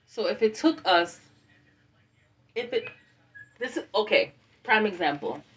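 A woman co-hosting a casual podcast chat, telling stories in an animated, profane way, heard on a dull, distant lo-fi recording. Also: medium pitch, a little slow. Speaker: podcast co-host.

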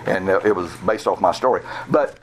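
A man's voice: sits low, a little fast, a little hiss or hum. A man from Georgia, preaching a sermon through a candid personal story and chuckling at himself. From Georgia, USA. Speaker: pastor.

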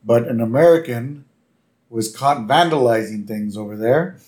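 Male co-host, middle voice, relaxed chatty recap style. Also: medium pitch, moderate pace. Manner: loose retelling, with many fillers and tag questions. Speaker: podcast co-host. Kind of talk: casual chat recapping an episode.

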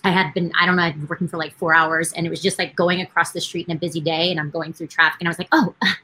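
Bright-voiced voice actor telling a story. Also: female voice, lowish voice, very fast, a little hiss or hum, rough recording. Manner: storytelling, animated. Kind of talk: panel anecdote.

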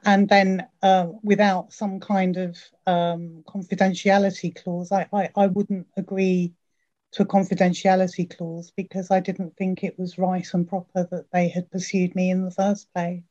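Mellow-voiced woman guest. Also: mid-range voice. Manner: modest, careful, hesitant. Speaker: podcast guest. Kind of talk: interview answers. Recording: dull lo-fi sound.

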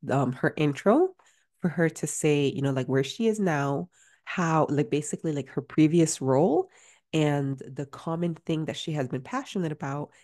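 A woman hosts a career-coaching podcast in a low-pitched, darkish voice, keeping it chatty and casual with plenty of fillers and restarts. At times she sounds out of breath.

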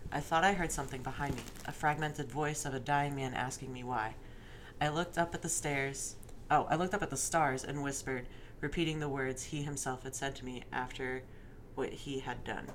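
Low-voiced woman reading a story aloud. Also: fairly even intonation, moderate pace, slight background noise. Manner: reads aloud steadily, slipping into laughter and swearing at the text. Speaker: reader of a fan story. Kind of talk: dramatic reading with joking asides.

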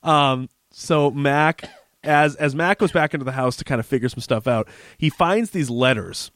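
Guy on a podcast rattling off a tv recap, lots of "like", dry close mic, middle-pitched voice. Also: dry recording. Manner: rapid, animated retelling with lots of "like" and profanity. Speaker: podcast co-host. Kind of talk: casual chat recapping a TV episode.

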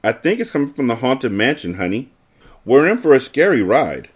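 Man doing a calm stepmom voice, soothing, kinda amused. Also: medium pitch, normal speed, slightly rough, pitched above the performer's own voice. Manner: soothing, calls kids honey.

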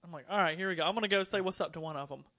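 A man co-hosting a casual podcast, telling an animated story and acting out what people said. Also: high-pitched, racing, dry recording, studio quality. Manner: animated storyteller who acts out quotes. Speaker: podcast co-host.

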